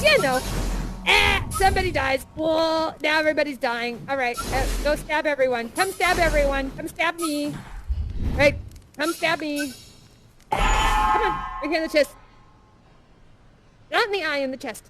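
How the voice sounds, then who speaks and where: A woman's voice: sits high, expressive, moderate pace, a bit bright, soft background music. A woman improvising a playful, theatrical story for friends in a virtual game. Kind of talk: improvised puppet-show storytelling.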